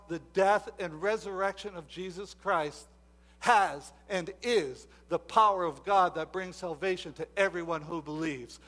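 A male preacher with a high, bright voice delivers a sermon, slipping into soft asides before building to loud, emphatic exhortation. He frequently repeats and restarts his words.

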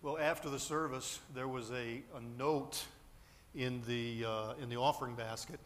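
A man's voice: mid-range voice, fairly even intonation, normal speed, fairly bright tone, a little hiss or hum. A man preaching a sermon from a church pulpit, telling a story with lots of fillers and restarts. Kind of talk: sermon with anecdote.

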